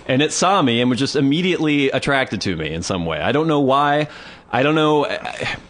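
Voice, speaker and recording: A young man co-hosting a podcast tells a comic story in casual chat, acting out other people in quick asides. His medium-pitched voice is expressive and a bit bright.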